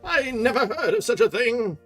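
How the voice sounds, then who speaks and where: A man's voice: very animated, normal speed, creaky, soft background music, heavily acted. A man reading aloud and voicing a furious, indignant old woman who yelps and chokes with rage. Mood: outraged. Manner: shrill, choked, yelping outbursts.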